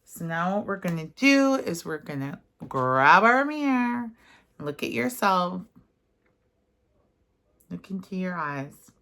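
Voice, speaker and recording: Woman reading affirmations real slow and gentle, kinda low voice, loosens up w/ ums when she goes off script. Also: very animated. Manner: gentle and unhurried, slipping into casual fillers when speaking freely. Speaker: self-help guide. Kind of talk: guided affirmation session, partly read aloud.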